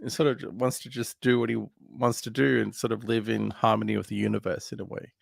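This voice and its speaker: A man's voice: fairly low pitch, level tone, fast talker, gravelly, no room sound, studio quality. A man co-hosting a film podcast, retelling a movie in a casual, meandering way with many fillers. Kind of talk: casual film recap chat.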